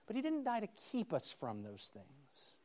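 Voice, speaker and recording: A man preaching a sermon, reading scripture aloud with slow dramatic emphasis and rising to loud, emphatic peaks. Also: high-pitched, wildly swooping pitch.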